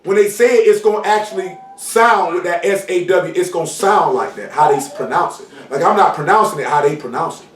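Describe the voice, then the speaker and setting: A man preaching an informal sermon in street slang, often asking "you know what I'm saying" and shouting for emphasis. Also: high voice, fairly quick, few pauses. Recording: roomy hall, mic far off, faint noise.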